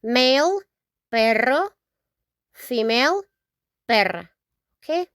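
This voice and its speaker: A woman from Mexico teaching vocabulary, saying each word slowly several times and checking in with "okay?". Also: fairly high pitch, expressive, a bit bright, smooth, dry recording, clean studio sound. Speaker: Spanish teacher. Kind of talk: slow, repetitive vocabulary lesson.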